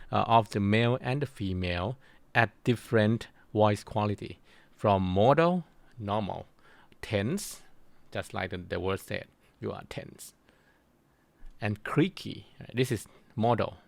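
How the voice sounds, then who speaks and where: A middle-aged man giving a university lecture, halting with many restarts and fillers. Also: on the low side, creaky, no echo.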